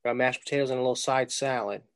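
A man's voice: medium pitch, fairly even intonation, fast, fairly bright tone, clear, resonant tone. A man who is a regular on a podcast, talking in laid-back, mumbled short replies over a close mic. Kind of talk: casual chat.

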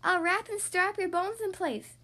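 Woman playing a slow proud mummy guy. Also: extremely high pitch, fairly even intonation, bright, forceful tone, voice pushed up, exaggerated voice. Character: boastful male mummy friend.

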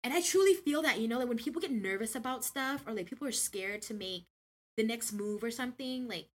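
A woman guest on a podcast, telling a story in casual chat, animated, slangy and full of swearing. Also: a little high, brisk.

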